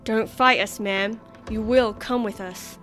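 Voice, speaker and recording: A woman's voice: medium pitch, steady tone, unhurried, a bit bright, faint music behind, lightly acted. A woman voicing smug male police officers who speak in a patronizing, mock-polite way.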